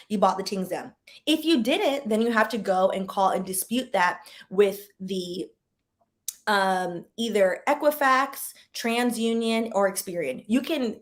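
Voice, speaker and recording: A woman with a mid-range voice talks through money advice in a loose, chatty way. She is candid and pokes fun at herself, repeats key words for emphasis and makes quick asides to her viewers. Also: mid-range voice. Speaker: former lawyer and channel host. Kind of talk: casual personal-finance advice chat.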